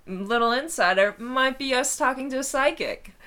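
A woman's voice: high-pitched, normal speed, sharp tone. A young woman co-hosting a podcast, chatty and giggly, often finishing her friend's sentences. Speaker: podcast co-host. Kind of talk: casual chat.

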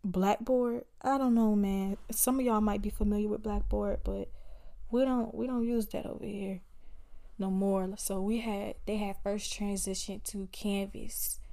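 Slangy young woman with a mellow voice. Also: mid-range voice. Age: 20s. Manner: animated, slangy, addresses listeners as y'all. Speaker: podcast host. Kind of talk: casual storytelling chat.

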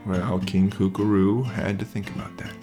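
A man hosting a children's podcast, telling a bedtime-style story in a relaxed, folksy way. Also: fairly low pitch, moderate pace, over music. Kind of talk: storybook narration.

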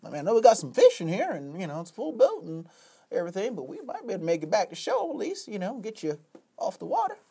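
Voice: mid-range voice, huge pitch swings, fast talker, vocal fry, warm tone, husky, voice pushed up, full character voice. A storyteller voicing a friendly male fisherman in a put-on Southern US accent, folksy and easygoing.

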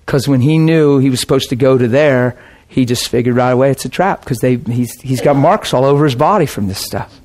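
A man preaching a sermon, telling a story in a folksy, animated way and slipping into the voices of the people he quotes. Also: medium pitch, brisk, hardly any pauses.

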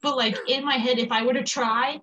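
This teenage girl from the United States chats casually in a high, bright voice that stays steady in tone, speaking briskly and forcefully. She rambles, restarts her sentences often, and uses lots of fillers. The lo-fi recording sounds dull, with a little hiss or hum.

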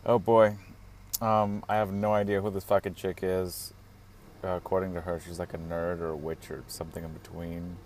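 A man's voice: deep voice, little pitch movement, normal speed, darkish tone, slight background noise. A man talking casually to the camera from his parked car, rambling with lots of fillers and chuckling asides. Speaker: vlogger.

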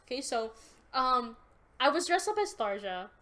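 A young woman hosting a podcast, casually telling an animated story and swearing often. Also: a little high, normal speed, crowd noise. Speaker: podcast host. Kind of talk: casual chat.

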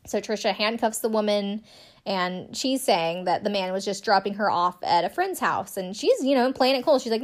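Woman, casual show recap, indignant, swears a lot, chatty, mid-pitched voice. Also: lively intonation, normal speed. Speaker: recap commentator.

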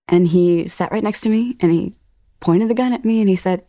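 A woman giving documentary testimony, recounting events earnestly and in a measured way, often acting out quoted speech. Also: fairly low pitch, mellow, no room sound, clean studio sound. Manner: earnest, measured retelling that voices others' quoted words. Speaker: interviewee telling her own story.

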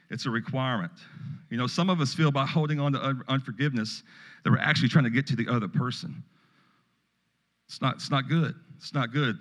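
A middle-aged male pastor giving a sermon in a folksy, conversational way, with storytelling asides. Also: mid-range voice. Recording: long reverb of a hall.

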